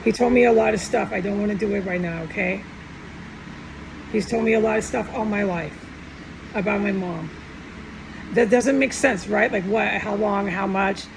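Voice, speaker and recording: A woman's voice: mid-range voice, normal speed, gravelly, long pauses, noisy background. A middle-aged woman talking tearfully and in a rambling, upset way in a personal monologue, often trailing off and starting over.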